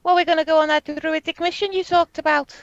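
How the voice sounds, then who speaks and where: A high-voiced woman speaks in character during a tabletop game. Her manner is plain and matter-of-fact. The recording is dry and muffled. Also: fairly even intonation, fast talker, no room sound. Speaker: player. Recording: dry, dull lo-fi sound.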